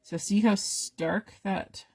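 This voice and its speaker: A woman's voice: medium pitch, fairly even intonation, takes it slowly, darkish tone, slightly rough, no room sound, studio quality. A woman who is losing her voice, chatting to viewers while she demonstrates a craft on a live stream. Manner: talks to viewers while she works, with little asides.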